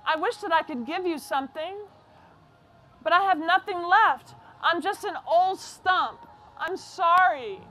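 A woman voicing a gentle, giving female apple tree in a storybook reading, speaking tenderly. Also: extremely high pitch, unhurried, faint music behind, pitched above the performer's own voice, exaggerated voice.

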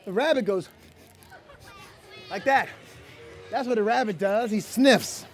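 Soft music and a faint crowd sit behind a man with a high, unhurried voice as he reads a picture book to children at an outdoor event. He keeps the read-aloud lively and playful, asking the kids questions as he goes.

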